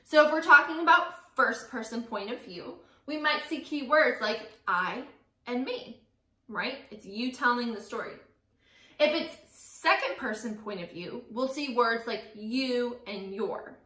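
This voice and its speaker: A young woman teacher gives a lesson in an upbeat, encouraging way, often checking in with her students. Her voice is bright and sits a little high. The sound carries an echo from a hard-walled classroom. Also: animated, a little slow. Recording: echoey room.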